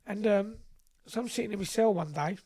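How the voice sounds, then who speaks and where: A man's voice: high voice, fairly quick, warm tone. A young man, telling stories in casual chat, swearing freely and acting out both sides of conversations. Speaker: podcast guest. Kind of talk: casual storytelling.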